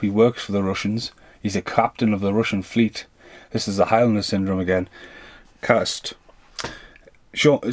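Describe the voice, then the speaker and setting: A man's voice: on the low side, no room sound. A man in his thirties or forties doing an unscripted film review rant, rambling, swearing freely and drifting off on tangents.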